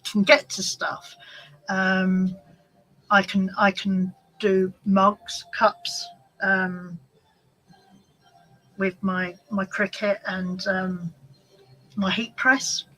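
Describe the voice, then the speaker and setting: A woman's voice: medium pitch, little pitch movement, very slow, long pauses, bright, forceful tone, low-quality recording. A woman hosting a casual live-stream chat from home, rambling and talking to commenters by name. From United Kingdom. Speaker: craft channel host.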